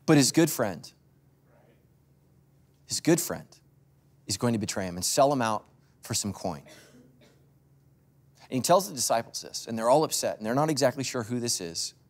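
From the church stage, a man with a medium-pitched, slightly mellow voice delivers a loose sermon as pastor. He's a joking storyteller who speaks straight to the congregation.

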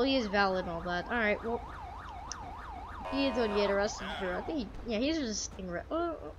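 While playing a police game, a woman keeps up a chatty commentary, frequently laughing and addressing the characters. Her voice is on the high side and a bit bright, with the highs cut off and slight background noise.

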